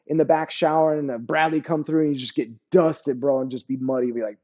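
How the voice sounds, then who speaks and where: A man's voice: fairly high pitch, steady tone, fast, mellow, muffled recording. A middle-aged American man, an army veteran, telling war stories in a casual interview, laid-back and slangy, often saying "bro" and "you know what I mean.". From United States.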